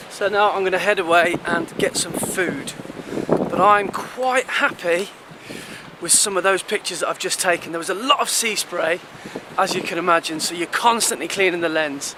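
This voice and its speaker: A photographer in his thirties with a fairly high voice talks to camera in a relaxed vlog, first outdoors by the sea and then in town. Upbeat and a little rambling, he often restarts sentences while discussing his photography. He speaks at a moderate pace over background noise.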